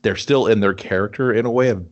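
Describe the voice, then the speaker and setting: Low-voiced man joking through a movie recap. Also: fast talker, muffled recording. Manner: joking, crude, jumps into mock voices. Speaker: podcast co-host. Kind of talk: casual movie review chat.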